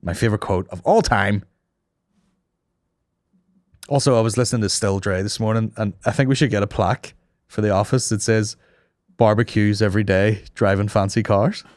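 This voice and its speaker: Male podcast host, low voice, dry close mic, animated sweary comic banter. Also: brisk, long pauses, dry recording. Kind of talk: casual comedic podcast banter.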